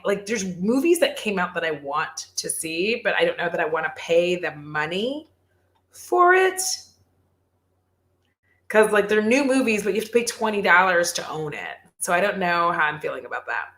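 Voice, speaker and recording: Woman vlogger just chatting to her viewers, animated and swearing a lot, echoey room. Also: lowish voice, normal speed. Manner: animated, swears, laughs often. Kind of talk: casual livestream chat.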